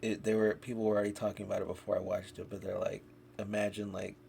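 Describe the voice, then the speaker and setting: A man's voice: lowish voice, level tone, fast, vocal fry, darkish tone. A man casually reviewing shows on a podcast, rambling with heavy swearing and lots of fillers. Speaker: podcast host. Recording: noisy background.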